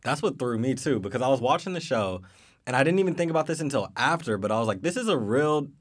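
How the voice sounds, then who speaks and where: A man's voice: mid-range voice, animated, fast. A man co-hosting a casual interview podcast, talking loosely and playfully with lots of "like". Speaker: podcast co-host.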